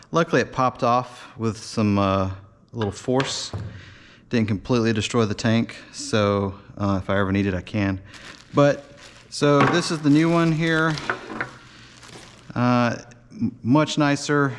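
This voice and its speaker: A man's voice: mid-range voice, a little hiss or hum. A man casually showing and explaining his model build in a workshop, talking in a loose, rambling way with many fillers and restarts. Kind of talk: casual workshop show-and-tell.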